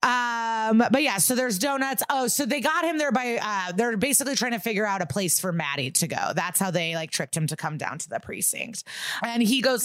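A woman's voice: on the high side, expressive, moderate pace, fairly bright tone, dry recording, studio quality. A woman podcast co-host casually recapping a TV episode, talking freely and swearing. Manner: chatty, swears casually, quotes characters. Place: living in a big West Coast city.

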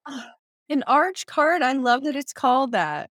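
A woman's voice: sits high, animated, measured pace, fairly bright tone, no room sound, studio quality. A woman co-hosting a podcast, chatting casually with wry, teasing interjections. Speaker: podcast co-host. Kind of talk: casual chat.

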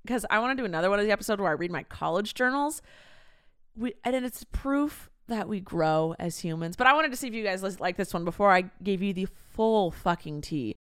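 A woman's voice: fairly low pitch, a bit bright, clear, resonant tone. A woman in her thirties hosting a podcast, chatting casually and reading her old diaries aloud, swearing freely and laughing at herself. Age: 30s. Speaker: podcast host.

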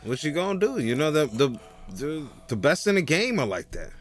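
A man co-hosting a podcast in relaxed, joking chat. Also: a little high, moderate pace. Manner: laid-back, joking, chuckles between lines. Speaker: podcast co-host.

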